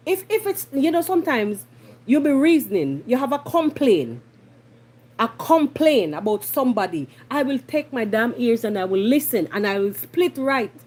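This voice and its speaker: Jamaican woman host, husky higher voice, lively and blunt, drifts into patois. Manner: animated, blunt, slipping into patois. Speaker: podcast host. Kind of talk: casual commentary monologue.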